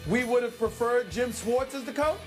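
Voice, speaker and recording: A man's voice: extremely high pitch, moderate pace, soft background music. A man co-hosting a sports debate show who talks in an emphatic, dramatic way and repeats lines for effect.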